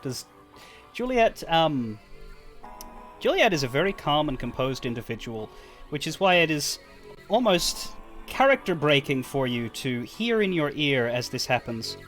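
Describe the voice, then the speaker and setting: A man's voice: a little high, very animated, a little slow, a bit bright. A man narrating a tabletop game as game master, rambling and restarting his sentences, with music playing behind him. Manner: rambling, many restarts and fillers.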